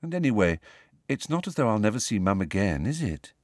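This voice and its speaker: A man voicing a dreamy, serene teenage girl witch in an audiobook, calm and matter-of-fact. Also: lowish voice, a little fast, no echo, clean studio sound.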